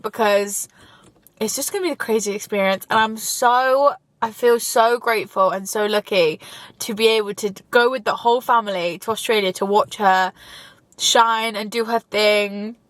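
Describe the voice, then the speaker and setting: A woman's voice: on the high side, a bit bright, dry recording. Chatty young woman vlogging. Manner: gushing, chatty, swears casually. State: tearful at times. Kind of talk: casual chat while driving. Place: inside a car.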